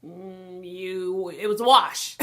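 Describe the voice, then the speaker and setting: A woman vlogger giving an animated spiritual talk, preaching and laughing often. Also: on the low side, slow.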